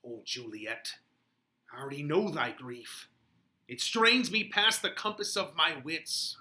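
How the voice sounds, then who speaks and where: A man reading the part of a kindly older priest, calm and measured in a play reading. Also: fairly high pitch, exaggerated voice. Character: Friar Lawrence, kindly older male priest.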